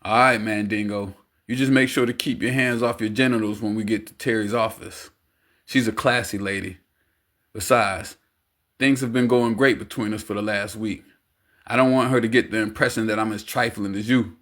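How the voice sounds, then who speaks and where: A man's voice: on the low side, steady tone, moderate pace, fairly bright tone, close to an everyday voice. A man voicing a dry, scolding, level-headed friend in an audiobook. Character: exasperated level-headed man, radio host, adult.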